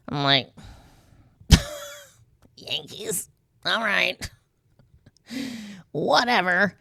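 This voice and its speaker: A woman's voice: lowish voice, gravelly, fairly bright tone, dry recording. A middle-aged woman chatting casually to the camera as a vlogger, rambling through stories with asides and fillers. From United States.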